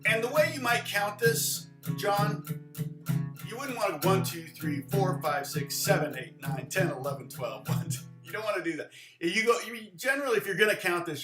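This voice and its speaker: A middle-aged man teaching a live-streamed guitar lesson in a loose, chatty way, often counting rhythms out loud. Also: high voice, moderate pace, echoey room. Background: guitar playing.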